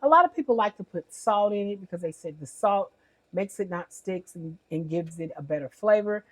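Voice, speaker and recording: A woman's voice: mid-range voice, lively intonation, normal speed, husky. A woman giving a casual cooking demonstration at home, chatty and homey, often correcting herself as she goes. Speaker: home cook.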